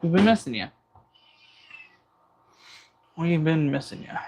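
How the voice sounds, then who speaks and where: A livestream host cooks in his kitchen and talks fast in a fairly high, slightly rough voice with a darkish tone and lively intonation. He jokes around and reads viewer comments aloud.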